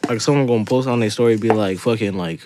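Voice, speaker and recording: A young man in casual podcast chat, cutting in with quick teasing jokes. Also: lowish voice, a loud crowd. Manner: joking, quick teasing interjections.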